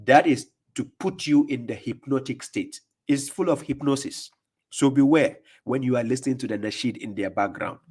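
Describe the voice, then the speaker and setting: A man reacting to video clips as an online preacher, with a mocking, confrontational tone. He fires off rhetorical questions and laughs in scorn. His voice sits at an ordinary middle pitch. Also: moderate pace, a little mellow, husky. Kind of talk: combative commentary on video clips.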